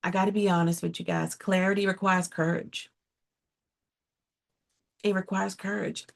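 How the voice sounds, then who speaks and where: Gravelly-voiced woman therapist talking. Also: medium pitch, flat delivery, normal speed. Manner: earnest, direct, asks rhetorical "right?". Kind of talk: casual advice talk to viewers.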